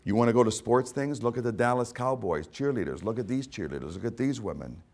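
Animated, fervent male preacher. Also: mid-range voice, quick pace. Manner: fervent, repetitive, emphatic preaching that swings between hushed and loud; speaks directly to listeners as "my friend". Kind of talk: sermon.

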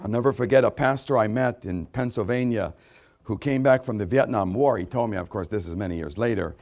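A man preaching a sermon, swinging from hushed, intimate storytelling to loud, rising exhortation. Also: brisk. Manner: dramatic swings from hushed to booming. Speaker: pastor.

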